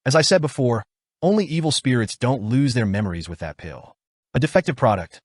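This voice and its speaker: A cold, shrewd noblewoman from a storybook-style recap speaks in a cool, probing, matter-of-fact way, as a man reads her lines. The lines rise and fall with a lively lilt over a dry, close sound. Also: mid-range voice, a little fast, no echo, lightly acted.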